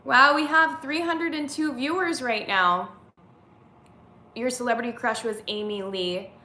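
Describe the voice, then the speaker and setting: A woman's voice: fairly high pitch, steady tone, unhurried, sharp tone, reverberant. A woman in her thirties hosting a casual live-stream chat, reading viewer comments aloud and answering them. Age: 30s.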